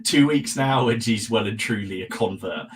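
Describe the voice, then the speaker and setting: A man hosting a live podcast, running through viewers' names with quick friendly asides. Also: fairly low pitch, slight background noise. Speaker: podcast host. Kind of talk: live-stream chat greeting viewers.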